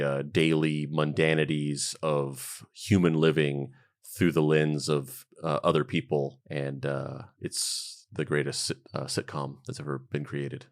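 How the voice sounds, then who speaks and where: A podcast co-host with a bass voice speaks in a level tone at a measured pace. In casual chat he rambles, with lots of fillers and restarts.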